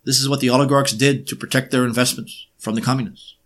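A man's voice: medium pitch, fairly even intonation, fast talker, a bit bright. Man lecturing with sarcastic rhetorical questions. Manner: frequent filler hesitations. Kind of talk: lecture-style monologue.

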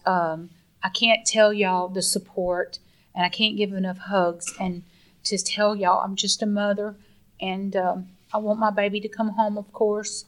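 An earnest woman speaking in a middle-pitched voice. She talks with deep feeling, stumbling and restarting now and then. The delivery is heartfelt and unpolished. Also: level tone. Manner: earnest, emotional, halting with restarts. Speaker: guest, mother of the subject. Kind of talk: emotional phone-in interview.

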